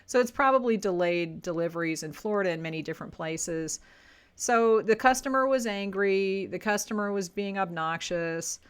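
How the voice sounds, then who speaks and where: A woman's voice: mid-range voice, normal speed, clean tone. A woman talks straight to camera, coaching online sellers in a casual, chatty way. She is plainspoken and often restarts or corrects herself mid-sentence as she explains. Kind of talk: casual advice talk to camera.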